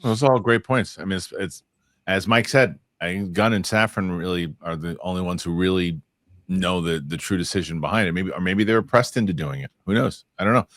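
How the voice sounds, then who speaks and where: Deep-voiced man hosting a podcast chat. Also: a little fast, fairly bright tone, no echo, studio quality. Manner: rambling, restarts, laughs easily. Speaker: podcast host. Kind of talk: casual chat.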